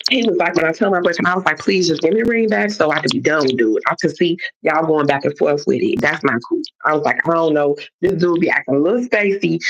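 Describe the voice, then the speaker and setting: A woman tells a long personal story in a casual, animated way, jumping into other people's voices as she quotes them. Her voice has a gravelly rasp. The stream audio sounds dull and lo-fi. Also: fairly low pitch, slight background noise. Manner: animated retelling that acts out others' lines. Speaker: guest on a live stream.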